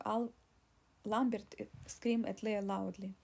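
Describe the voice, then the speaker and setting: Give me a woman narrating an audiobook in a mellow voice, restarting words often. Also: medium pitch, fairly even intonation, normal speed, vocal fry, breathy edge. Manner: reads with frequent restarts.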